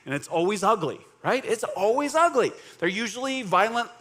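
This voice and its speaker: A male pastor preaching a conversational sermon, joking and checking in with the crowd, jumping between animated bursts and quiet, low emphasis. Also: normal speed. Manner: casual, joking, keeps checking in with "right?".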